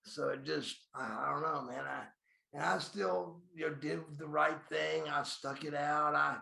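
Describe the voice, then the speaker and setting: A man's voice: on the high side, fairly even intonation, a little slow, vocal fry, sharp tone. A man in his fifties, a former pro wrestler, telling blunt, profane stories in an interview and calling himself by his own name. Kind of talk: storytelling in a podcast interview. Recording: echoey room.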